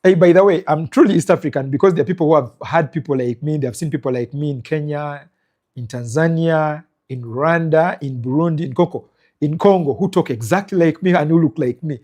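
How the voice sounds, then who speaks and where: Husky guy kinda high voice, rambling live stream chat from a cafe, punches words hard. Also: a little fast, a little mellow. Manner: rambling, emphatic, reacts to comments. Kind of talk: casual live-stream commentary.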